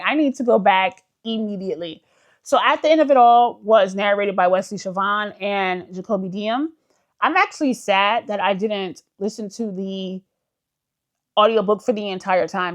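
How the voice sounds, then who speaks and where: Chatty woman book vlogger. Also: medium pitch. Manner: chatty, enthusiastic, uses many fillers like "like"; addresses viewers as "y'all". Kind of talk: casual chat.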